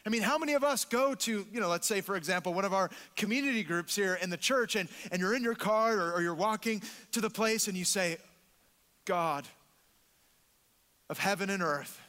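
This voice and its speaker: High-voiced emphatic preacher man. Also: fast talker, hardly any pauses, bright, forceful tone, big-room sound. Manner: emphatic, repeats words, acts out quotes. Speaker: pastor. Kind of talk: sermon. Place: church.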